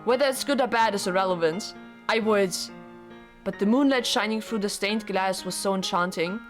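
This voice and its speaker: A woman reading a devoted young woman's lines from a visual novel aloud in an earnest, soft way, with faint game music behind her. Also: medium pitch, moderate pace, natural voice. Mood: tender. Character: gentle, devoted young woman narrating her love story.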